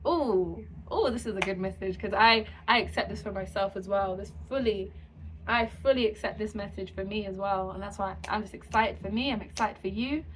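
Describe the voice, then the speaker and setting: A woman channeling a spiritual message to her viewers, speaking slowly and soothingly in repeated affirmations. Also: medium pitch, a bit bright, a little hiss or hum, poor audio. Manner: slow, soothing, repetitive affirmations.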